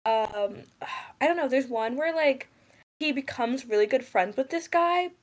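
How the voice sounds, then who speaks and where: A woman's voice: high-pitched, animated, measured pace. A young woman co-hosting a podcast in casual chat, rambling with many fillers and giggles. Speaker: podcast co-host.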